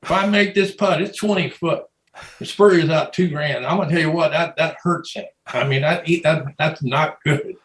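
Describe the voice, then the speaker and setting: A man's voice: fairly high pitch, normal speed, a bit bright, echoey room, low-quality recording. A man telling a long rambling story in casual chat, laughing often and restarting his sentences. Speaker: guest telling stories.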